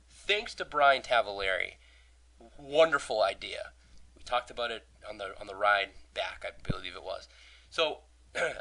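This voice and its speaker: Hoarse young man hosting a podcast. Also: mid-range voice, pushed and bright, rough recording. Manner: rambling, profane, joking, many restarts. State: hoarse, lost voice. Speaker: podcast host. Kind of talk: casual podcast chat.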